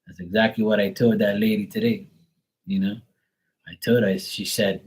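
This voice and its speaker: Casual male tarot stream host, slightly low voice, candid and profane. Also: moderate pace, a little mellow, low-quality recording. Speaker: tarot reader hosting a live stream. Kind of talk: casual live-stream chat.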